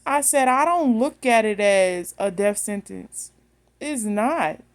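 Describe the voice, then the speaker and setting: A woman's voice: mid-range voice, animated, slow pace. A woman, telling a story bluntly and with animation straight to her phone camera. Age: 30s. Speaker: vlogger.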